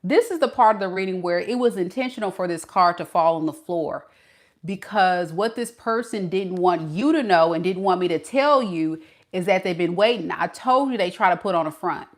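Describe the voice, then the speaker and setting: A woman's voice: mid-range voice, lively intonation, normal speed. A woman doing a tarot reading for her viewers, sassy and playful, talking straight to them with slang. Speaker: tarot reader.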